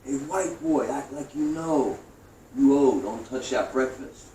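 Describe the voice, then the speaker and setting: A man voicing a menacing male jail inmate who hollers threats in a drawn-out, taunting way. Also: medium pitch, warm tone, voice pushed up, lightly acted. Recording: roomy, distant mic, faint hiss.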